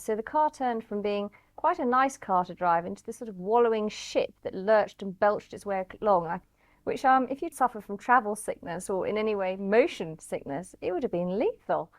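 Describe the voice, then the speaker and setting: A woman recounting a car rally, telling the story in an animated, anecdotal way. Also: medium pitch, no room sound. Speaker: rally participant. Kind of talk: storytelling interview.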